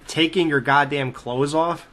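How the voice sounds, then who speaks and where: A man's voice: on the high side, measured pace. A man hosting a casual chat about an old comedy film, swearing freely and laughing as he talks. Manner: profane, animated, laughing as he talks. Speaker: podcast host.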